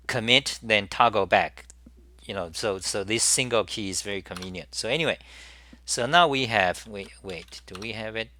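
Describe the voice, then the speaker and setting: A man hosting a live software demo, thinking aloud with halting restarts and repeated words as he works. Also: lowish voice. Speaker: programming tutorial host.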